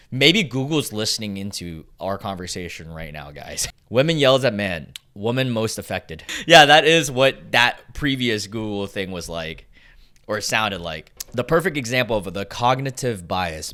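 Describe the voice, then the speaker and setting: A young man hosting a casual reaction video, chatty and excitable, laughing often between lines. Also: lowish voice. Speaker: YouTube host.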